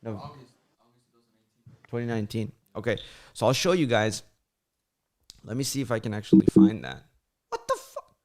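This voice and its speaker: With a fairly low, slightly mellow voice and lively intonation, a young man hosts a casual livestream at a moderate pace, leaving long pauses. He rambles loosely with lots of "like" and mimics his friends' voices when recounting stories.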